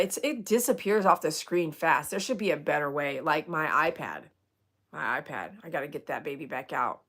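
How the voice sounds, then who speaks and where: Bright-voiced woman chatting on stream. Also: sits low. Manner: rambling, chatty, joking asides to viewers. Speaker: dog groomer hosting a livestream. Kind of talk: casual livestream chat, reading viewer comments.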